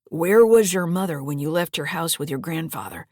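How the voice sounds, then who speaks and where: A woman's voice: low voice, expressive, moderate pace, darkish tone, dry recording, clean studio sound. A woman voicing a skeptical younger male state trooper asking pointed questions.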